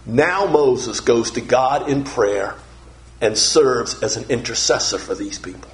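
A man's voice: medium pitch, unhurried, slight background noise. A male pastor delivering a sermon, earnest and emphatic, often repeating words to stress a point.

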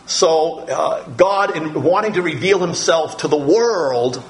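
In a low-quality recording, a middle-aged pastor leads his congregation through scripture in a sermon. His slightly high voice moves slowly and deliberately, dotted with pauses and little fillers.

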